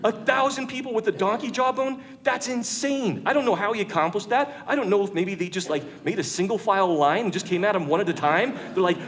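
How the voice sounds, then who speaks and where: A male preacher tells the story to a full church room in a conversational, jokey sermon. His voice sits a little higher than most men's, and he keeps it animated and playful. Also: a little fast, hardly any pauses. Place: large church room with an audience.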